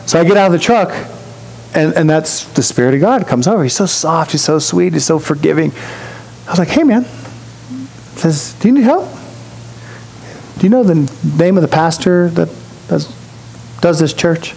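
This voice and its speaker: A man's voice: a little high, normal speed, vocal fry, darkish tone, slight background noise, poor audio. A man preaching a sermon as pastor, in a conversational storytelling way, acting out the voices of people he quotes. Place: church.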